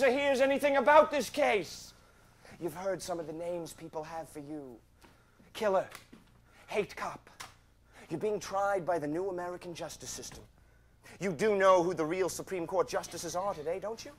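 A slick lawyer with a high voice for a man. He lectures in a smooth, condescending way. His tone is that of someone used to winning arguments. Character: slick smarmy male lawyer. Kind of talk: stage drama dialogue.

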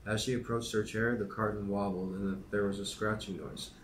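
Relaxed man with a low voice. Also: moderate pace, slight background noise. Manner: relaxed, hesitant, many fillers. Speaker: podcast host reading a book aloud. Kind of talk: casual chat and reading aloud.

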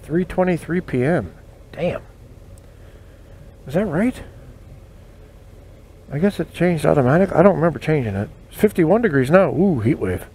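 A man's voice: on the high side, animated, moderate pace, long pauses, slightly rough. A man in his forties telling self-mocking stories while riding a motorcycle, recorded on a helmet mic. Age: 40s. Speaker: motorcycle vlogger. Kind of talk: casual storytelling while riding. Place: on a motorcycle in city traffic outdoors. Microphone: helmet-mounted mic. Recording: loud traffic and road noise.

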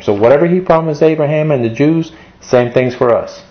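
A man's voice: a little high, fairly quick, hardly any pauses, muffled recording, a little hiss or hum. Emotional male pastor preaching. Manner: emotional, repetitive preaching with scripture readings. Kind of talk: sermon.

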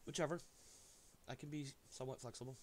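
A man's voice: mid-range voice, fast. A man streaming a game with friends, joking around and laughing often in casual chat.

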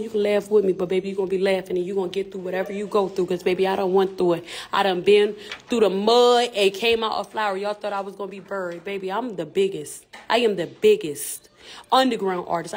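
A forceful woman talking on a live stream, her words punchy, repetitive and full of street slang. She speaks at a mid pitch for a woman, with the plain, confident delivery of a rapper addressing her fans. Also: steady tone, quick pace. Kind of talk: candid live-stream talk.

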